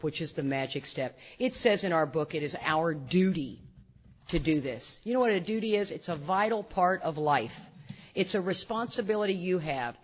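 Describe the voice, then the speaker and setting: A middle-aged woman speaking to a recovery meeting as an AA speaker, an animated, self-mocking storyteller full of asides. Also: fairly low pitch. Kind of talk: humorous recovery talk to a meeting. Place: meeting room with audience. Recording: dull lo-fi recording.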